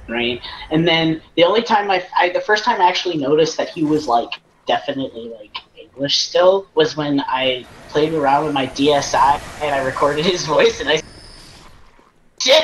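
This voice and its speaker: A young man from the US chatting casually, relaxed and swearing, laughing often. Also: a little high, reverberant, a little hiss or hum, poor audio. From United States. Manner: laid-back, swears and laughs a lot. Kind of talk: casual chat.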